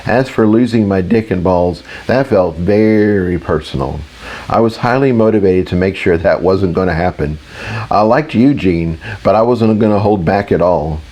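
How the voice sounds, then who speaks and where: A man reading a fantasy audiobook in the first person, steady and matter-of-fact. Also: fairly low pitch. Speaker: audiobook narrator.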